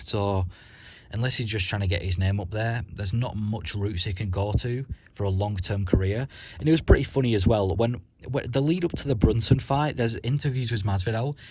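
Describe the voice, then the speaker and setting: A man's voice: on the low side, normal speed, noisy background. A man ranting about the sport in a blunt, profane, rambling vlog. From Britain. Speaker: vlogger.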